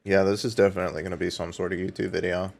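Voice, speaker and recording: A man's voice: low-pitched, little pitch movement, rapid-fire, gravelly, a little mellow. Casually swearing young male streamer. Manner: swears freely, reads out viewer donations, laughs often. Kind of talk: casual live-stream chat.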